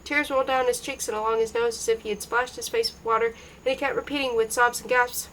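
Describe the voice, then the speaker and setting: A woman reading a novel aloud in an even, unhurried way, lightly voicing the dialogue. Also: on the high side, slight background noise, rough recording. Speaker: reader.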